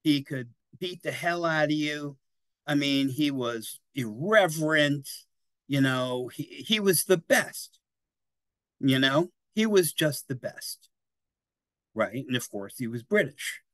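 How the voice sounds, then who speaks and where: A man's voice: on the high side, expressive, slow pace, fairly bright tone, dry recording. A man in his sixties giving a casual, rambling history talk at a library, often checking in with his listeners. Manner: chatty and digressive, often tags "right?" and "you know".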